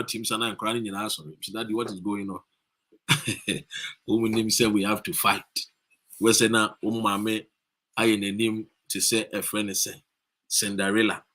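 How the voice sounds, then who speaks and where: A Ghanaian man livestreaming from a street demonstration, rousing viewers with repeated calls and shout-outs. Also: lowish voice, flat delivery, normal speed, pauses often. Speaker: activist streaming a demonstration. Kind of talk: live-streamed rally talk.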